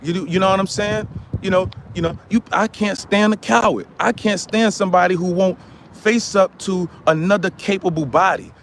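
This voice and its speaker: A man playing a boastful, hot-tempered man who rants on a live stream, swinging from muttering to yelling. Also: high-pitched, fairly even intonation, normal speed, gravelly, a little hiss or hum. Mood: ranting. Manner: ranting, repetitive, swinging from mutters to yells. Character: loud boastful ranting man, quick to anger.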